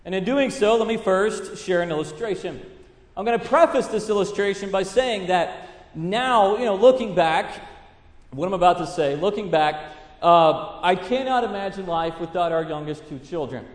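A man's voice: high voice, animated, normal speed. A man in his thirties preaching a sermon, earnest and mixing in family stories. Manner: earnest preaching with storytelling asides. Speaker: pastor. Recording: echoey hall reverb.

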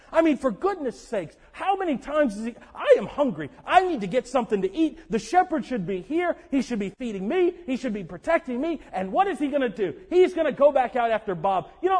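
High-voiced animated male preacher. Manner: animated, conversational preaching with sudden shouts. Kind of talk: sermon. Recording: long echo of a large hall.

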